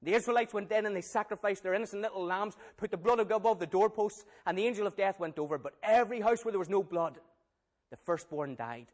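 A man telling a Bible story as a sermon, animated and questioning his listeners. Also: high voice, quick pace. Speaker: preacher.

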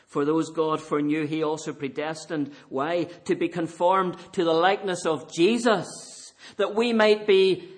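A man preaching a sermon in a church, swinging between fervent emphasis and quiet intensity. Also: on the high side.

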